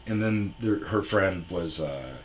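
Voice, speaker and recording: The audio is dull with slight background noise as a young man, deep-voiced and slow but lively in intonation, tells a rambling, crude anecdote from his own life. It's casual storytelling, peppered with crude humor and quotes he acts out.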